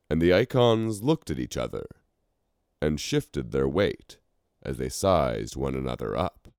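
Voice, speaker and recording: Very deep, slow male storyteller. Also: sing-song, vocal fry, a little mellow, dry recording, studio quality. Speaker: narrator. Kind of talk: storybook reading.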